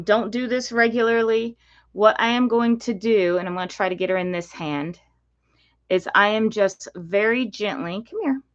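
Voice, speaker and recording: Gentle woman explaining gecko care. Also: a little high, dull audio. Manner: gentle, explanatory, many ums. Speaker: gecko breeder hosting a live stream. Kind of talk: casual hands-on demonstration. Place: indoor reptile room with enclosures.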